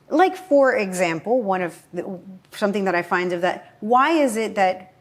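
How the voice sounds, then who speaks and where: A woman with a Spanish accent, a political candidate, chats as a guest in a casual conversation at home. Her pitch is medium and her pace measured, yet she is animated and laughs often.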